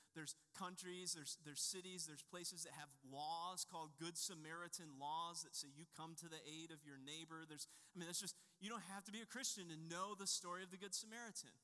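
Pastor, man in his 30s, chatty storytelling sermon, high bright voice, long hall reverb. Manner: conversational storytelling with a personal anecdote.

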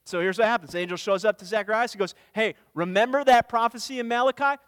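A man's voice: high voice, fast, fairly bright tone, clear, resonant tone, no room sound, in a large hall. Man preaching a casual sermon. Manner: casual storytelling, acts out quotes. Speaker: pastor.

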